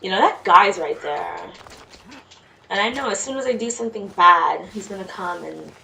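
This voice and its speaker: A woman's voice: mid-range voice, animated, moderate pace, vocal fry, pushed and bright. A woman with a Jamaican accent giving casual, chatty commentary while playing a game. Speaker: let's play streamer. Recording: distant mic with faint noise.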